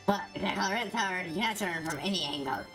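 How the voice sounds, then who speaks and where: A woman's voice: medium pitch, fast talker, over music, lightly acted. A woman voicing a female video game character in cutscene dialogue.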